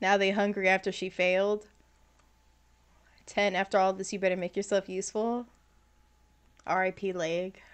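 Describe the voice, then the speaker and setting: A woman streaming a game live, reacting loudly, swearing and shouting at the screen. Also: medium pitch, little pitch movement, normal speed, pauses often, smooth. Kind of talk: live gameplay reaction commentary. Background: loud game music and sound effects.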